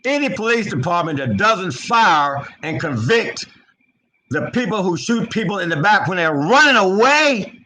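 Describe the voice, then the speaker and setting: A man's voice: very animated, unhurried, pushed and bright, poor audio. Impassioned man preaching off the cuff. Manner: impassioned, repetitive, swings between low and high pitch. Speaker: online preacher. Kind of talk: unscripted spiritual commentary.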